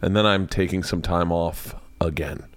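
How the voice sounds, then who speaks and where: A man's voice: deep voice, fairly even intonation, moderate pace, dry recording. A man hosting his podcast, rambling in casual chat and often restarting his sentences. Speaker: podcast host.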